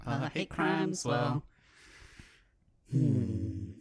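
A man playing a smug, middle-aged male alien in an improvised podcast bit, talking hesitantly and boasting deadpan. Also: medium pitch, very slow, a little hiss or hum.

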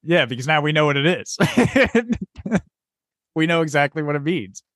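Young guy ranting on a podcast, swears a lot, voice jumps all over, kinda high, dry room. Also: measured pace, no echo. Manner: animated, profane, exasperated storytelling with acted-out dialogue. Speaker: podcast co-host. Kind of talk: casual chat, storytelling.

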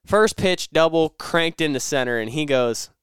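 A man's voice: fairly high pitch, lively intonation, normal speed, a bit bright, smooth, no room sound, studio quality. A young man hosting a casual solo podcast, rambling and correcting himself as he tells stories. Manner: rambling, self-correcting storyteller. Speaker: podcast host.

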